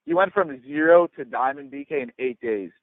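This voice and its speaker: An eager man rambles about his team on a conference call. His pitch is average. The line is thin and dry, like a telephone. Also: wildly swooping pitch, a little fast, vocal fry, no echo. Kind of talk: casual phone chat. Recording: tinny dry phone line.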